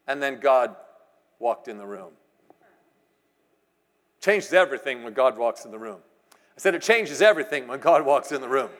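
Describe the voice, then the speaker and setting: High-voiced animated preacher in a hall. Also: male voice. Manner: animated storytelling, swings between loud exclamations and hushed asides. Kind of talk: sermon. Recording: long reverb of a large hall.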